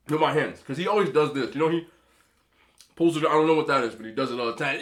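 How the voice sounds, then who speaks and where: Man, mukbang host, opinionated casual rant, lively swooping delivery, sharp tone. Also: fairly high pitch, brisk. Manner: opinionated, talks with his mouth full. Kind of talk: casual ranting while eating.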